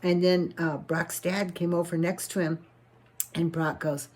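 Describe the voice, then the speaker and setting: A woman's voice: on the low side, level tone, unhurried, a little mellow. A woman narrating a children's story in a folksy, homespun way, often restarting her phrases.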